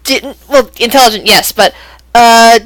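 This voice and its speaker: A woman's voice: fairly high pitch, unhurried, fairly bright tone, dry recording, low-quality recording. Chatty woman game master. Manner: chatty, rambling, laughs often. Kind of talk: narrating a tabletop game online.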